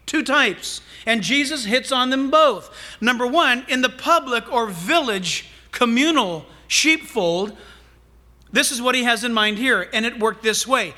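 A pastor preaches with a strikingly high, bright, ringing voice. He talks in an animated, humorous way, breaking off into playful asides to his listeners. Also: unhurried. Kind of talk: sermon.

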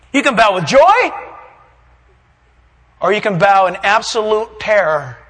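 A man preaching a sermon, reading verses and acting out scenes with shouts and put-on voices. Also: sits high, breathy edge, long reverb tail, rough recording. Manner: animated, acts out voices and shouts for emphasis.

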